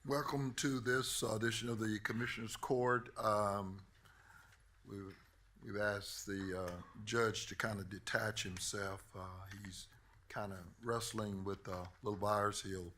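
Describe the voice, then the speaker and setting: A low-voiced man presides over a county meeting and speaks in a flat, halting way with fillers. His tone is bright, and faint room noise sits under his voice. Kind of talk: opening a public meeting.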